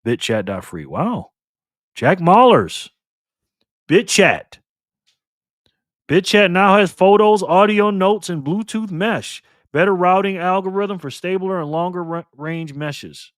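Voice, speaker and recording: A man hosting a casual livestream, reading and answering the chat excitedly. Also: high voice, slow pace, no room sound, studio quality. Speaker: livestream host.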